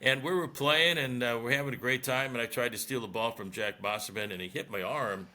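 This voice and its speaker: A man's voice: mid-range voice, a little fast, pushed and bright. An older man, a veteran radio broadcaster, telling stories in a casual interview and laughing at his own tales.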